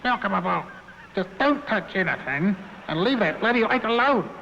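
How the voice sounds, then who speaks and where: Man playing a gruff, barking captain, lively pitch; muffled hall echo. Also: normal speed, slight background noise, heavily acted. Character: gruff male ship's captain, one-eyed Aussie. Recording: dull, echoey hall playback.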